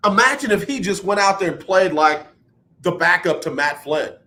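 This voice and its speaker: A bright, high-pitched male radio host rambles through a sports monologue. He is animated and mocks himself when he gets the facts wrong, and his voice has a sharp, forceful edge. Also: moderate pace. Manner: animated, rambling, self-mocking.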